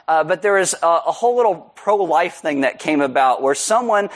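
A man delivers a sermon in a fairly high voice. He is joking and self-mocking, and he acts out stories in loud, high shouts. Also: lively intonation, moderate pace. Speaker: pastor. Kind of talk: sermon with storytelling.

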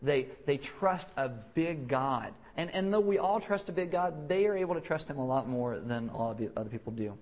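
A young man preaching a casual, joking sermon who restarts his sentences and keeps acting out quick voices to make his point. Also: medium pitch, lively intonation, darkish tone, muffled recording. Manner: joking, self-deprecating, acts out quick voices; halting restarts and repeated words. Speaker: pastor.

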